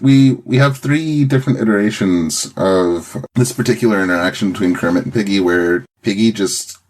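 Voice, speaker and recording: A man co-hosting a podcast, chatting casually with dry, measured remarks. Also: fairly low pitch, slight background noise. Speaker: podcast co-host. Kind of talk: casual chat.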